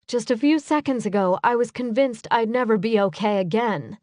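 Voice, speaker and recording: A woman reading an audiobook in first person, with measured, unhurried storytelling. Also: a little high, darkish tone, no room sound, studio quality. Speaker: audiobook narrator. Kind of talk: first-person scripted narration.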